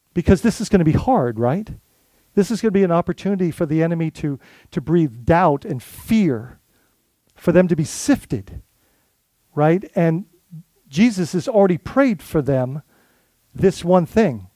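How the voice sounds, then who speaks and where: A man's voice: fairly high pitch, dark tone, dry recording. A man who is a lead pastor, giving an earnest, conversational sermon full of restarts and asides.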